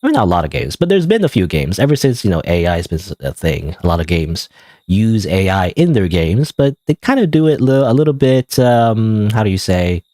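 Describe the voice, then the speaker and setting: A man's voice: lowish voice, big pitch swings, a little fast, warm tone, no echo, studio quality. A man streaming a game live, giving casual, rambling, self-deprecating commentary full of "you know" and "I don't know.". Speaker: gaming streamer.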